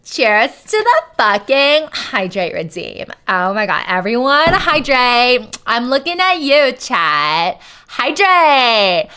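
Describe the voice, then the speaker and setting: A woman livestreamer in casual chat, reading aloud to her viewers; excitable and chatty, swearing freely. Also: fairly high pitch, takes it slowly, hardly any pauses, smooth.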